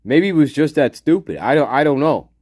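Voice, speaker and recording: Male streamer, angry profane rant, higher voice swinging widely in pitch, close and dry sound. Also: lively intonation, fairly quick, darkish tone, no echo. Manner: muttering while reading chat. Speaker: livestream host. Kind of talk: casual livestream chat.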